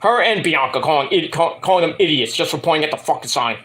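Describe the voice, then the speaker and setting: Casual male reviewer, bright and lively, profane and rambling. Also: fairly high pitch, fast, hardly any pauses. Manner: profane, ranting, hesitant with fillers. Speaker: wrestling review vlogger.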